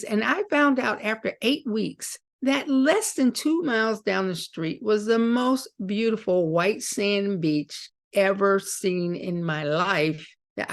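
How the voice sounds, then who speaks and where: Gravelly-voiced woman telling stories animatedly. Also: medium pitch. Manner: animated storyteller acting out quoted dialogue. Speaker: guest, author. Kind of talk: storytelling interview.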